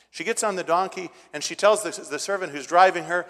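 Preacher retelling scripture in a reverberant hall. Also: male voice, sits high, a little fast, few pauses, a bit bright. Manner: retells scripture casually, rising to emphatic peaks. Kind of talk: sermon storytelling.

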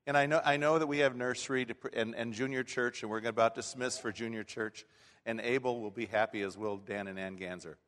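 Folksy pastor in a big hall. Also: male voice, medium pitch, steady tone, brisk, a bit bright. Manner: folksy, conversational preaching with frequent restarts. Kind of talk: sermon. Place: church sanctuary. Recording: long hall reverb.

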